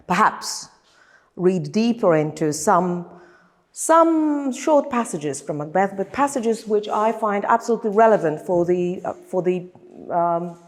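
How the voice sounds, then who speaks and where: A Polish-accented woman, a lecturer leading a workshop, speaking hesitantly with many fillers and restarts in a large hall. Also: mid-range voice. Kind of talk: workshop instruction. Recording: long hall reverb.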